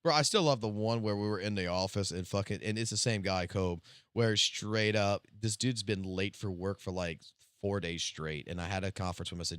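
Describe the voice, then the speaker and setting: A male game streamer telling profane, animated anecdotes on a live stream. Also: lowish voice, a little fast, smooth, no echo, clean studio sound.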